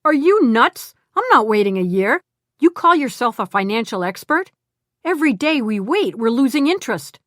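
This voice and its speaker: A woman's voice: on the high side, moderate pace, dry recording, clean studio sound, voice pushed up. A woman voicing a boastful male ex-con swindler who crows and talks emphatically. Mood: indignant. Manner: excited, crowing and emphatic.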